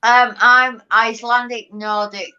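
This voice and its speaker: A woman's voice: fairly high pitch, little pitch movement, measured pace, bright, forceful tone, dull audio. A woman with a Yorkshire accent joking self-deprecatingly in casual banter on a video call. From Hull, England.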